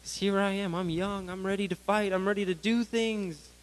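A man in his twenties giving a sermon to graduates, animated, swinging between loud bursts and hushed asides. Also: high voice, moderate pace, low-quality recording. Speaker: graduation speaker.

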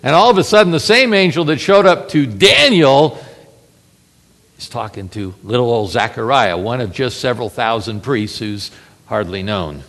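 Animated preacher man in a reverberant hall. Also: mid-range voice, moderate pace. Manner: animated storytelling, rhetorical questions to the congregation. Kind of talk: sermon.

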